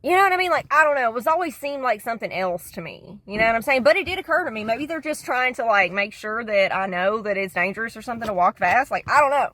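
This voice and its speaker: A woman's voice: fairly high pitch, expressive, quick pace, hardly any pauses, pushed and bright. A woman vlogger rambling casually to camera, slangy and profane, calling the viewer "dude".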